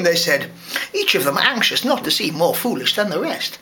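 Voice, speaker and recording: A man, a parent, reading a fairy tale aloud to a school class in a lively, expressive way. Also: sits high, normal speed. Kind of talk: storybook read-aloud.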